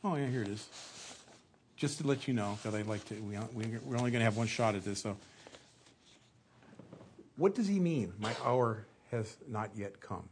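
A man's voice: on the low side, lively intonation, normal speed, long pauses, a little hiss or hum. A middle-aged man preaching a sermon in a conversational, storytelling way, acting out little asides as he goes.

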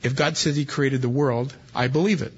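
Husky folksy pastor preaching. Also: male voice, mid-range voice, fairly even intonation, moderate pace. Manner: folksy country-preacher style, reads scripture then explains it. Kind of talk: expository sermon. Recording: dull lo-fi recording.

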